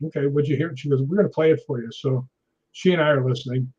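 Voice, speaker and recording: A middle-aged man telling a ghost story in a casual interview, animated, often tagging his lines with "right?". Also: medium pitch, fast talker, breathy edge. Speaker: guest. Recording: dull lo-fi audio.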